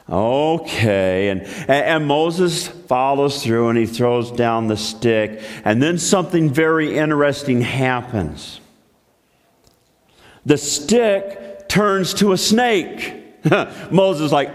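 A man preaching a sermon, telling a story in a lively way with many restarts. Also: medium pitch, slow pace, in a large hall. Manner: animated storytelling with repeated restarts.

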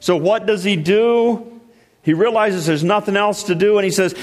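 Male pastor, fairly high voice, emphatic stop-start sermon delivery, church hall with a long echo. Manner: emphatic preaching with many repeated starts, dropping low and slow for weight. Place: church sanctuary. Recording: long reverb of a large hall.

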